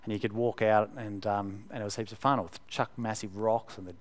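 A man's voice: on the low side, fairly even intonation, fairly quick. Man preaching conversationally. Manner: conversational, emphatic, with fillers and repeated words. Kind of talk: sermon.

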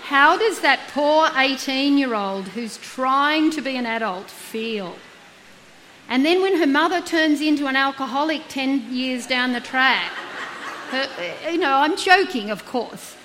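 Earnest high-voiced woman counsellor. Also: lively intonation, measured pace, fairly bright tone, a little hiss or hum, rough recording. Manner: earnest, uses rhetorical questions and acted examples. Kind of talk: reflective talk on guilt.

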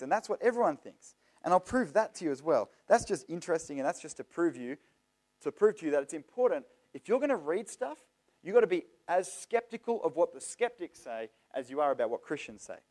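A young man giving a lively, joking talk to a youth audience, addressing the crowd directly. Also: fairly high pitch, brisk. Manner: chatty and joking, talks straight to the audience. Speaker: youth seminar speaker.

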